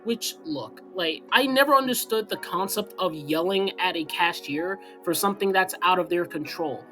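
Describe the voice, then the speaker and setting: A young man vlogs a storytime, telling his tale casually in a rambling, sarcastic way packed with fillers. His voice is high and fairly bright, at a moderate pace, over soft background music.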